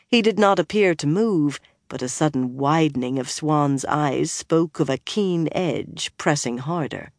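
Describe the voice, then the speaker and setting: Brief: audiobook narrator, mid pitch, steady expressive read, bone-dry studio sound. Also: slow pace, hardly any pauses, no room sound. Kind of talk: scripted fantasy narration.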